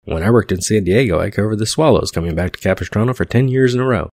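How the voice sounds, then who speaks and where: A man's voice: low-pitched, fast, breathy edge, no echo, clean studio sound. A man reading aloud the lines of a bossy TV station chief from a screenplay. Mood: brusque.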